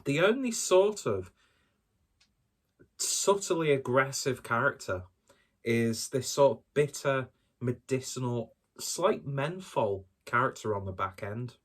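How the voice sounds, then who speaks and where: A man's voice: mid-range voice, big pitch swings, slow. A man doing a casual solo beer review, talking in a rambling, hesitant and self-deprecating way.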